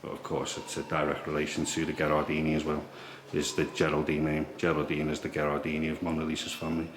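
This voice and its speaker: A man quietly explaining history as he walks visitors through a museum in an old priory. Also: monotone, fast. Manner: hushed, low-key explaining. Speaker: history tour guide. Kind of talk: walking tour vlog. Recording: echoey room with background noise.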